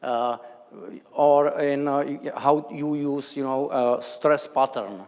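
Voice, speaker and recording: A man's voice: mid-range voice, steady tone, slow pace, darkish tone, clean tone, in a large hall. A man from the Czech Republic with a Czech accent, giving an academic lecture in a hesitant way, with many fillers and restarts. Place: large lecture hall.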